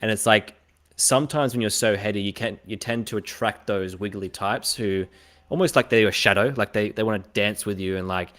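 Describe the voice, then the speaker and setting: A young man with an Australian accent talks on a casual podcast in a lowish voice. He tells his stories with energy and acts out the lines of other people as he goes. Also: brisk, fairly bright tone. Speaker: podcast host.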